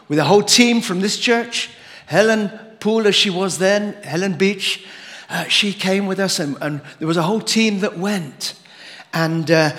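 A man's voice: sits high, fairly bright tone. An older man, a former pastor, preaching a sermon with rambling asides and many fillers. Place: church sanctuary. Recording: long hall reverb.

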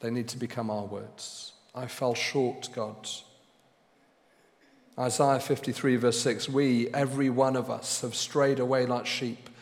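A man preaching a sermon as pastor, speaking slowly and deliberately and pressing hard on key words. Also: medium pitch, fairly even intonation, long reverb tail. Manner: slow and deliberate, with loud emphatic stresses.

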